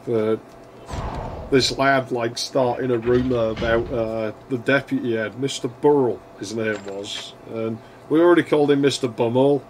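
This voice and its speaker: A man's voice: medium pitch, moderate pace, a little hiss or hum. A young man chatting casually while playing an old console game, telling a school story, laughing often and swearing freely. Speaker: gaming channel host. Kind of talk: casual gameplay commentary.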